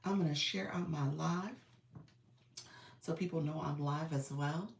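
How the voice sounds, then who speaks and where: A woman business coach hosting a casual livestream. She is under the weather and a bit raspy, and she greets viewers by name in an upbeat, encouraging way. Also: low-pitched, a little slow, reverberant, distant mic, slight background noise.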